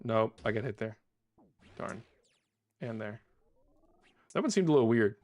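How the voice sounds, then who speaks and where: A man's voice: on the low side, animated, measured pace, darkish tone, no echo. Male game streamer, conversational live commentary, dry booth-like sound. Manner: chatty, talks to chat, bursts of laughing frustration.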